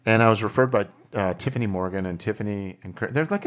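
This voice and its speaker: Talking quickly in a lowish voice, this middle-aged documentary maker swaps stories over drinks, swearing freely and animatedly performing the people he quotes.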